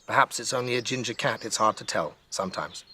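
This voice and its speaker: A man voicing a gentle, playful grandmother who speaks in a calm, teasing way. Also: mid-range voice, quick pace, breathy edge, exaggerated voice.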